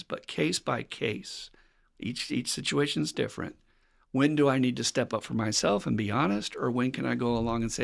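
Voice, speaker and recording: A man from the United States who hosts a recovery podcast and talks like a straight-shooting sponsor. His voice is mid-pitched with a gravelly roughness. He is blunt and candid, and he laughs easily. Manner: frank, blunt, swears, laughs often.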